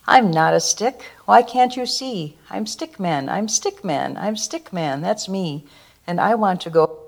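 A woman voicing a gentle, homesick Stick Man. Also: mid-range voice, lively intonation, unhurried, creaky. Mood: wistful refrain. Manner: sing-song rhyming refrain, soft and gentle. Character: cheerful little stick man, plucky and homesick.

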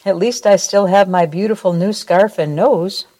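A woman reading a storybook voices a kind, gentle male snowman who talks softly and with a sigh. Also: mid-range voice, normal speed, voice pushed up, lightly acted. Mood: dismayed. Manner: soft, sighing.

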